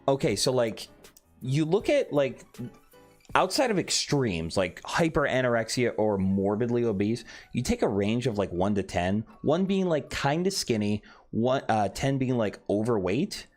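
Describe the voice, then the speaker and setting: A man casually chatting on a late-night stream, reading chat aloud and swearing offhandedly. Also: lowish voice. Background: faint background music.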